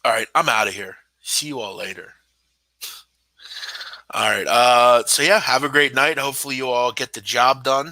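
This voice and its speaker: A man's voice: medium pitch, moderate pace, pushed and bright, dry recording. A young man hosting a live sports betting show, ranting with sarcasm, exasperation and heavy swearing. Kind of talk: live-stream casual rant.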